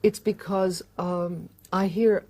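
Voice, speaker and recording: In a slow, mid-range voice with little pitch movement and a darkish tone, a fiction writer and filmmaker talks reflectively about writing and how stories start. The delivery is hesitant, full of fillers and restarts.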